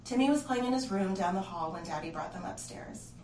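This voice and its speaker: A woman narrating a creepy children's horror story in an expressive storytelling voice. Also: medium pitch, brisk, slight background noise. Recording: roomy, distant mic, faint ambience.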